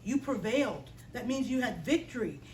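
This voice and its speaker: A woman voicing a calm, firm divine man in a Bible story for children, speaking slowly and reassuringly. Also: on the high side, recorded from a distance, slight background noise, voice pushed down. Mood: solemn.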